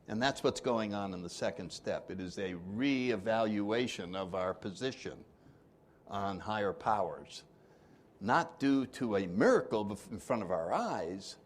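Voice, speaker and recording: Leading a twelve-step recovery workshop, a man with a lowish, animated voice speaks at a measured pace. He jokes with the room, laughs often, and acts out the people he quotes.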